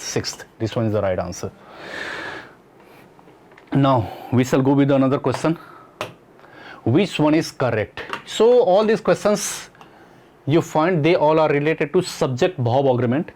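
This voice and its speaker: A man's voice: mid-range voice, darkish tone. A man teaching an English grammar lesson, explaining step by step and repeating key points as questions to students. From Nepal. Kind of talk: exam-prep grammar lesson.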